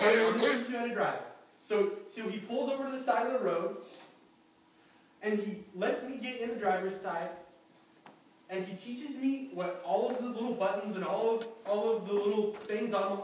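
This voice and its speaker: High-voiced man preaching in echoey church. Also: normal speed. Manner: lively anecdotal storytelling with chuckles. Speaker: pastor. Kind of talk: sermon storytelling. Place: church sanctuary. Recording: very echoey church hall from far off, faint noise.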